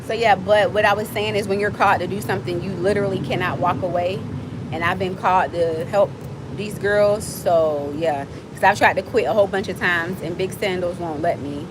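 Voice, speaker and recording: A woman of forty from Miami, chatting fast and playfully with viewers as host of her own livestream. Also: fairly low pitch, steady tone, background noise. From Miami, USA. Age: 40s. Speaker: livestream host, nonprofit founder. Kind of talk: casual livestream chat with viewers.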